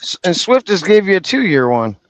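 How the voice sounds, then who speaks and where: A man's voice: sits high, sing-song, brisk, fairly bright tone, dry recording. A man in his fifties, a truck driver, chatting casually and profanely while short of breath. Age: 50s. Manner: laid-back, profane. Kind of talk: casual chat. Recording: dull lo-fi audio.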